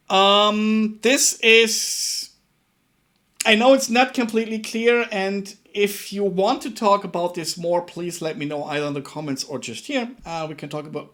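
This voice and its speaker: A man's voice: high-pitched, fairly bright tone. A young German man talks through his code on a live stream, stopping and repeating words as he thinks aloud. His voice sits a little above the usual for a man, in an easy, casual tutorial tone. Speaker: livestream programming tutor. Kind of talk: casual live-coding explanation.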